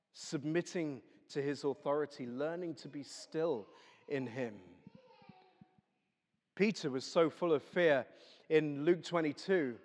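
A man preaching a chatty, humorous sermon, telling stories to a congregation. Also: fairly high pitch. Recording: echoey hall.

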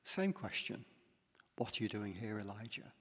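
A male preacher voicing God with a low, hushed, calm and questioning voice. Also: measured pace, husky. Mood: solemn. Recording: long reverb in a church hall.

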